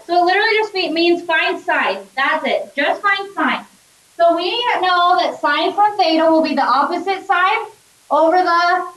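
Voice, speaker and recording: A woman's voice: very high voice, fairly bright tone. A woman math teacher giving a classroom lecture, upbeat and often checking in with her students. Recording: echoey classroom, voice from a distance.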